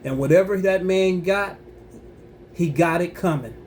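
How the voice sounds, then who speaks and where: A man's voice: high voice, measured pace, a little mellow, a little hiss or hum. A man giving impassioned religious commentary on his own channel, emphatic and preachy, repeating himself and breaking into angry rising outbursts.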